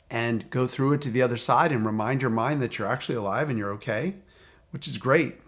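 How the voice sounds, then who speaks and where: A man speaking as a recovery coach, talking straight to the viewer in a calm, repetitive, encouraging way. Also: mid-range voice. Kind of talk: direct-to-camera coaching talk.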